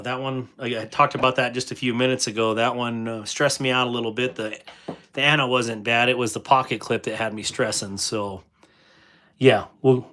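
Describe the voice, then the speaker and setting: A man's voice: medium pitch, a bit bright. A middle-aged man chatting casually on a livestream, reading viewer comments aloud and laughing often. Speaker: livestream host.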